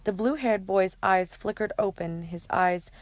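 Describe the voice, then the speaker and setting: A woman narrating an audiobook chapter in a steady, even reading. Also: mid-range voice, unhurried, dry recording.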